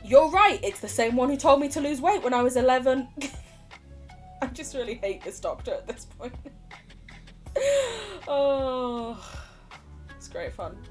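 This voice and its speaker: Lively British woman streamer. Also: high-pitched, unhurried, long pauses, faint music behind. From United Kingdom. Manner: chatty, goes off on tangents, laughs often. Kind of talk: casual livestream chat while gaming.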